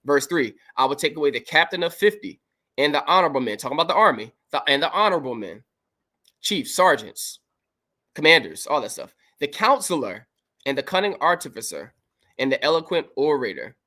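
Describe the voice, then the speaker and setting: A man's voice: on the high side, very animated, brisk, pushed and bright. A man hosting a livestream, reading Bible verses aloud and commenting on them in an emphatic, preachy way. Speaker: podcast host.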